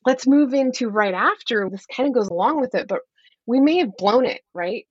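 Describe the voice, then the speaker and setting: A woman's voice: on the high side, expressive, normal speed, slightly rough, no room sound, highs cut off. A middle-aged woman who coaches parents, speaking openly and earnestly in a podcast interview, explaining with light laughs.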